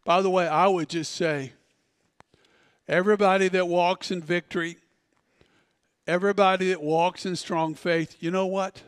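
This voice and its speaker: A man preaching a sermon as a pastor, telling stories and swinging between loud outbursts and hushed asides. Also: sits high, steady tone, normal speed, long pauses, clear, resonant tone, dry recording, studio quality, long reverb tail. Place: church sanctuary.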